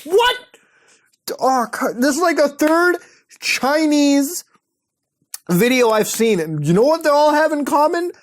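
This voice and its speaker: A man hosting an online video, giving excitable, profane commentary while browsing websites and laughing often. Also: very high-pitched, unhurried.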